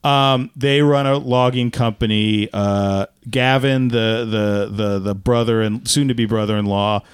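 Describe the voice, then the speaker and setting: A man co-hosting a podcast, chatting casually about a movie in a rambling, tangential, animated way. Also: mid-range voice, measured pace, smooth, dry recording, clean studio sound. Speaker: podcast co-host.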